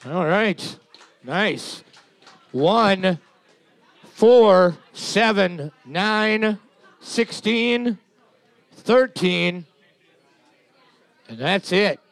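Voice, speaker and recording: A man's voice: high voice, lively intonation, extremely slow, gravelly, long pauses, no echo. A man co-hosting a trivia night, reading out team numbers and trading offhand quips. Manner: quips with dry, offhand humor. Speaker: trivia co-host and scorekeeper. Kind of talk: casual banter and reading out scores.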